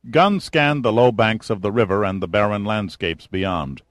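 A man narrating an audiobook in a steady, measured storytelling manner on a close mic. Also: lowish voice, no echo.

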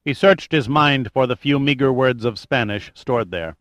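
A man reads a thriller audiobook aloud in a steady, measured way. His voice sits at a middle pitch. The recording is dry and close, with no room sound. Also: no echo, lo-fi sound. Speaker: audiobook narrator. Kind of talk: scripted narration of a thriller.

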